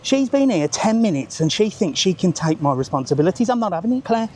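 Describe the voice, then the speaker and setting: A man voicing a loud, self-important female jogger, complaining breathlessly as she chats nonstop. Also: lowish voice, very animated, fast talker. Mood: whining. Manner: whiny, indignant, breathless chatter.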